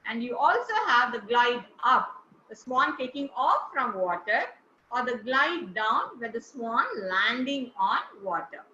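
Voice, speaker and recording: A speech trainer teaches intonation to a class, encouraging and praising her students along the way. Her voice is on the high side, expressive and sharp, at a measured pace. The recording is roomy and dull-sounding, with a little hiss or hum.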